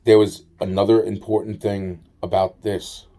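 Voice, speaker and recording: Profane rambling man, dark voice. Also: on the low side, little pitch movement, moderate pace, a little hiss or hum. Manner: profane, repetitive, aggrieved storytelling. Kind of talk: rambling personal monologue.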